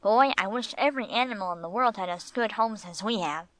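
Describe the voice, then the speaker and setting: A woman reading the part of a good-natured old male dog who speaks gravely and dryly. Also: medium pitch, a little fast, a bit bright, no room sound, lightly acted. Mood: dry, wry. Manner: grave, sober delivery.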